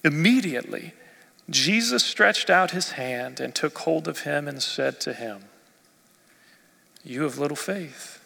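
A male pastor preaching a sermon expressively, rising in force and dropping to near quiet. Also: on the high side, lively intonation, slow, gravelly. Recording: long reverb of a church hall.

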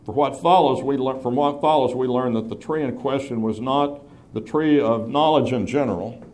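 Man giving a measured Bible lecture. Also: medium pitch, a little mellow. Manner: measured, explanatory, emphasizes key phrases. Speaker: Bible teacher.

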